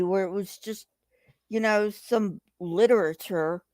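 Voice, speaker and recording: A woman hosting a livestream speaks slowly and deliberately, in a dry, close-miked sound with no room echo. She talks straight to her chat, emphatic and profane, with a heated, agitated edge. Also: mid-range voice, a little mellow. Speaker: livestream host reading chat. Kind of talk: casual livestream commentary.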